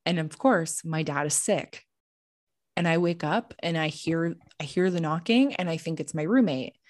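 A young woman with a low voice tells a story over a video call, chatty and packed with "like". The sound is dry and close. She laughs off the awkward parts. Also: normal speed, dry recording. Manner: chatty, heavy use of "like", laughs when awkward. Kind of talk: casual storytelling.

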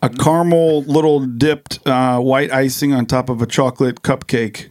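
Male co-host, mid pitch, rambling storyteller in loose chat. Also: fairly even intonation, moderate pace, darkish tone. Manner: rambling storyteller, many fillers and restarts. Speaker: podcast co-host. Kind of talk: casual chat.

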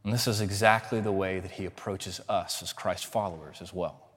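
A man's voice: low voice, fairly even intonation, moderate pace. Male pastor, dynamic sermon delivery, church hall with a long reverb tail. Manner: dynamic preaching, swings between loud emphatic and hushed. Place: church sanctuary.

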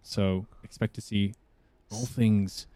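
A man's voice: lowish voice, steady tone, slow pace, mellow, no room sound. A man who is a voice actor, chatting as a guest in a casual interview, rambling and often restarting his sentences.

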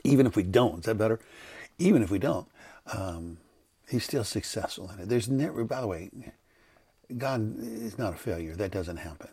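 An older pastor's lowish voice is mellow and slightly rough, animated at normal speed with long pauses. He rambles off the cuff on a devotional podcast, correcting himself conversationally, and there's background noise.

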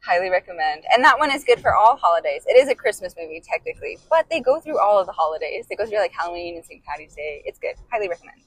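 A woman's voice: mid-range voice, fast talker, few pauses, slightly rough, dry recording, low-quality recording. A young woman co-hosting a podcast, chatting casually and telling stories with frequent laughter. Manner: animated storyteller, laughs often. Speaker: podcast co-host. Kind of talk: casual chat.

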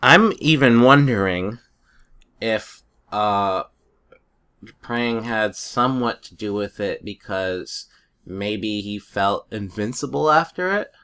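A man's voice: lowish voice, takes it slowly, bright, forceful tone, smooth. A man in a casual chat, telling rambling stories and chuckling often.

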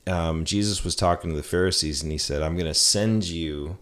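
A man hosting a casual podcast conversation, speaking in a reflective, measured way. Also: low-pitched, a bit bright. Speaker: podcast host.

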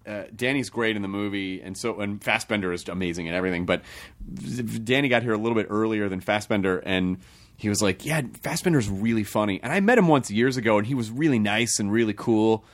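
Joking, profane male podcast host. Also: fairly low pitch. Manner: jokey, swearing, quick riffing asides. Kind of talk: casual podcast banter and ad reads.

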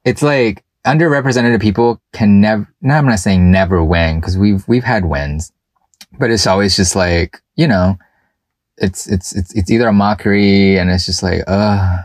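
A man's voice: fairly low pitch, moderate pace, no room sound. A man co-hosting a podcast in casual, profane chat, rambling with fillers and laughing often. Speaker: podcast co-host.

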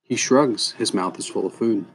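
Low-voiced man narrating a fantasy tale. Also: moderate pace, slightly rough. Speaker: storyteller. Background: soft guitar music.

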